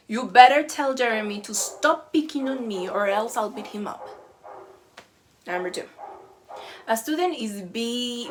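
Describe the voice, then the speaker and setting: A woman educator reading a scripted teacher-training lesson, measured and explanatory. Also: on the high side.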